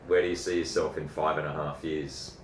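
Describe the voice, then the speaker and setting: A man interviewing a guest with brisk, matter-of-fact rapid-fire questions. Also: extremely low pitch, flat delivery, slight background noise. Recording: echoey room.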